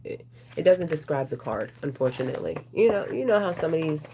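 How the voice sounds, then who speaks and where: A woman's voice: sits low, sing-song, a little fast, warm tone, a little hiss or hum. A woman doing a casual, rambling oracle card reading, chatting with her viewers as she goes. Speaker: tarot reader.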